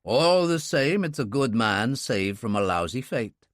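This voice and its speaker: A man reading an audiobook, voicing a calm, guarded man who speaks low and measured. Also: dry recording, studio quality, close to an everyday voice.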